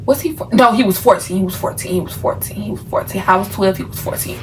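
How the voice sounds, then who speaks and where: A woman's voice: medium pitch, fast, recorded from a distance, soft background music, rough recording. A woman from Memphis telling a casual storytime to her viewers, chatty and full of fillers. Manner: chatty, talks straight to viewers, many fillers. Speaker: vlogger.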